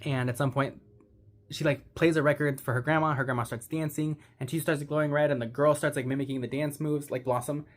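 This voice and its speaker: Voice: medium pitch, fairly even intonation, a little fast. Rambling, gushing young movie recapper. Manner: rambling, heavy use of "like"; gushing and sentimental. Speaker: movie reviewer.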